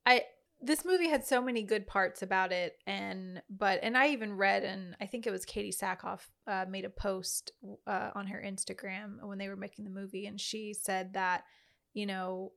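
A woman chatting about a film as co-host, gushing and tumbling through her thoughts with plenty of fillers. Her voice carries a gravelly fry at the ends of phrases. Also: mid-range voice, fairly even intonation, normal speed, a bit bright. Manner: gushing, rambling with many "like" fillers. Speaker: podcast co-host reviewing a movie. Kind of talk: casual chat.

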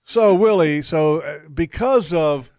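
A man's voice: on the high side, expressive, slow pace, a little mellow, clean tone, no echo, studio quality. A man co-hosting a casual outdoors talk show, arguing his point with mock seriousness. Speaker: radio show co-host. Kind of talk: casual banter among friends.

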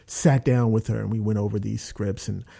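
Gravelly, mellow-voiced man telling stories. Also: fairly low pitch, moderate pace. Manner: rambling, animated anecdotes with many fillers. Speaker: actor, interview guest. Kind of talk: casual storytelling.

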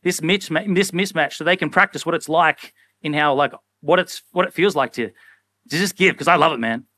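A young man preaching a sermon in a casual, animated way, often acting out little everyday scenes. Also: on the high side, normal speed, no room sound. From Australia. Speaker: pastor.

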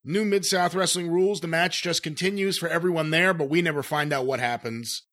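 Speaking a little fast in a slightly high voice, a male co-host relaxes through a casual podcast chat about old matches. He finishes by running through the show's plugs.

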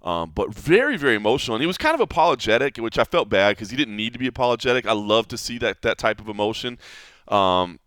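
A man's voice: mid-range voice, big pitch swings, fast, a bit bright, smooth, no echo, studio quality. A man hosting a podcast, chatting casually and rambling with many fillers and restarts. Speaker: podcast host. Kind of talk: casual chat. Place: Las Vegas, Nevada.

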